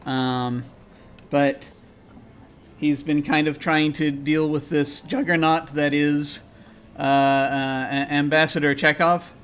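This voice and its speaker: A man narrating a tabletop game as game master over a video call, halting and full of fillers and restarts. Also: on the high side, fairly even intonation, a bit bright, slight background noise.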